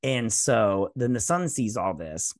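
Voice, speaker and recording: A man with a lowish voice and lively intonation hosts a TV review channel, recapping an episode at a slightly slow pace. He is casual, crude and mocking, paraphrasing loosely and often hesitating as he searches for names. The studio recording is clean, with no room sound.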